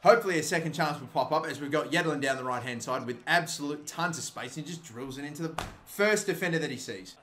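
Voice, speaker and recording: A young man, commentating football highlights as an excitable fan, swearing and venting his frustration. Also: slight background noise. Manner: swearing, frustrated outbursts and shouted goal reactions. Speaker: gaming YouTuber commentating a football match.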